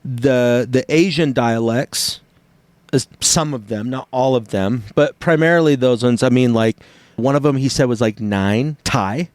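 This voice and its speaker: A man with a mid-range voice talks in a relaxed podcast chat, animated as he demonstrates rising and falling tones. The recording is dry and close, with no room sound. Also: medium pitch, measured pace, no room sound. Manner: animated, acts out tones and inflections while explaining. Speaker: podcast co-host. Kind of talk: casual chat.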